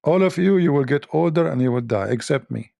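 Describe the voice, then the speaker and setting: A man speaks in a gravelly, dark voice. He hosts a mocking commentary, sarcastic and given to repeating himself. The sound is close and dry. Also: fairly high pitch, animated, a little fast, no room sound, highs cut off. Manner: sarcastic, laughs at own jokes, repeats phrases. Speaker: show host. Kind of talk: mocking religious debate commentary.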